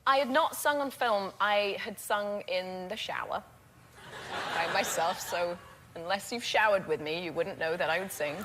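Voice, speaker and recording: A woman in her thirties with a British accent, telling lively, laugh-filled stories as a talk-show guest. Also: medium pitch, normal speed, noisy background. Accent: British English. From England. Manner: lively storyteller, laughs often, acts out quotes. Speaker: actress guest on talk shows. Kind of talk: anecdotal talk-show chat.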